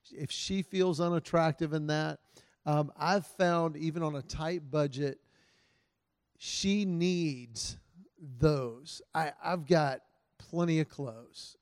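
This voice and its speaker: A man's voice: on the high side, darkish tone, dry recording, clean studio sound, long reverb tail. A man giving earnest, storytelling marriage advice to husbands in a casual talk, often quoting his wife's words in his own voice.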